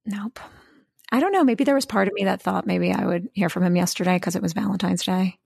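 A woman's voice: medium pitch, brisk, creaky, darkish tone, breathy edge, no room sound, clean studio sound. A woman co-hosting a podcast in casual, rambling chat, full of fillers and restarts. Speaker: podcast co-host.

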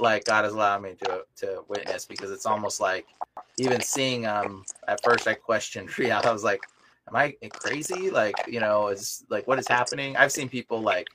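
A young man chatting casually on a podcast as a deliverance minister, telling animated stories full of filler words. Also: lowish voice. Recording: noisy live recording with clicks.

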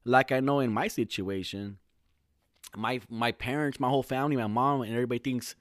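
A man's voice: medium pitch, fairly quick, dry recording, clean studio sound. A man in his thirties from California, talking alone in a casual, rambling, profane podcast monologue full of slang.

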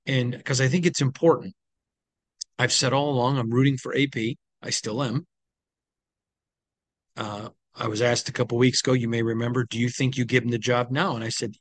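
A man's voice: mid-range voice, fairly bright tone, no room sound. A man hosting a sports team recap podcast, talking in a conversational, opinionated way with frequent ums, sounding tired. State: tired, yawning. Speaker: sports team insider host.

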